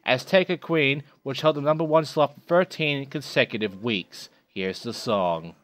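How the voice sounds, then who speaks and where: A man's voice: mid-range voice, normal speed, a little hiss or hum. Profane young man reading game items. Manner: profane, jokey, self-mocking. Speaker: let's play host. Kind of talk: casual gameplay commentary, reading items aloud.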